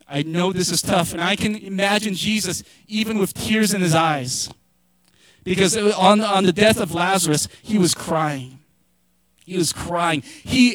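High-voiced male pastor preaching. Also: no room sound. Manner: conversational and joking, rising to shouted emphasis. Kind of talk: sermon.

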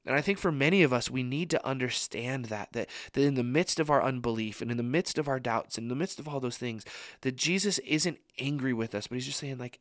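A man's voice: medium pitch, a little fast, fairly bright tone, no echo, clean studio sound. A young adult man giving a casual sermon to a young adult ministry, talking conversationally with many "like" fillers.

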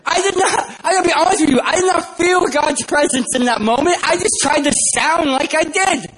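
A man's voice: very high-pitched, brisk, a bit bright, poor audio. A man from San Diego, California, giving a humorous sermon as a guest preacher and telling self-deprecating stories about himself. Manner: self-deprecating, joking storyteller. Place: church.

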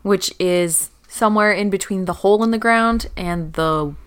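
Clear-voiced woman playing a tabletop game. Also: medium pitch, normal speed. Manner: casual, questioning. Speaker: player.

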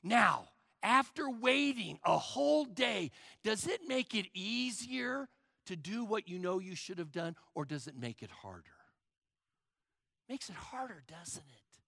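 A man preaching a sermon in a high, animated voice that sits fairly high for a man and climbs and falls freely. His tone has a gravelly edge and a bright, forceful sound. He talks emphatically, asks the congregation question after question, and lets his phrases sink to a near hush at the end. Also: measured pace, no room sound, clean studio sound. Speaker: pastor.

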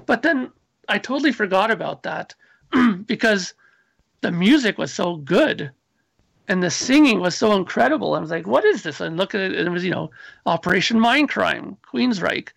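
Guy w a high gravelly voice, lively storyteller, dry close sound. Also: moderate pace, no echo. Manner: animated storyteller, acts out his own past lines. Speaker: musician guest. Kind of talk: casual chat.

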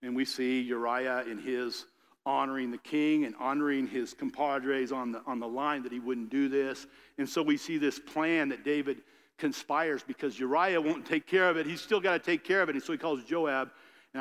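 A man's voice: mid-range voice, steady tone, moderate pace, a bit bright. Man preaching in a reverberant hall. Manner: reads scripture then retells it in casual voices. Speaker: pastor. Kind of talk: sermon with scripture reading.

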